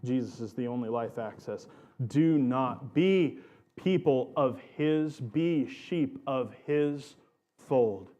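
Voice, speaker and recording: A man's voice: mid-range voice, lively intonation, takes it slowly, mellow, lo-fi sound. A man preaching a sermon as pastor of his church, earnest and emphatic, stretching out key phrases.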